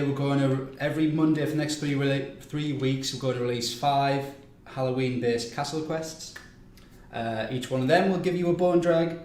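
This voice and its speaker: A man hosting a game livestream rambles through upcoming events, loose and chatty, full of ums and restarts. His voice is mid-range with a darkish tone. The room is echoey, with faint noise.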